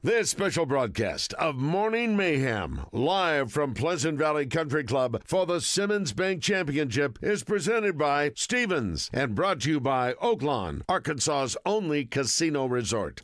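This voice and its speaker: A man delivers a scripted radio show intro in a polished promo read. His pitch moves a lot. Faint music plays behind him. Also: big pitch swings, measured pace, hardly any pauses, a bit bright, dry recording, studio quality. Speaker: radio announcer.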